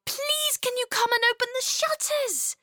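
Storybook kid: woman playing a sulky little girl, very high, whiny, dry close sound. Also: normal speed, sharp tone, dry recording. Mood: pleading. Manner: whiny, high-pitched protests. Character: little girl, grumpy and impatient.

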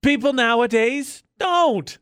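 A man co-hosting a radio show, teasing and animated in casual banter, often restarting his sentences. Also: extremely high pitch, takes it slowly, clean tone, no room sound, clean studio sound.

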